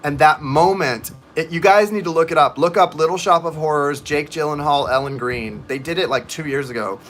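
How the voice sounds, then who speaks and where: A man's voice: fairly high pitch, fairly quick, fairly bright tone. A man giving tarot readings on a live stream, chatting and rambling to viewers in the chat. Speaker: tarot reader.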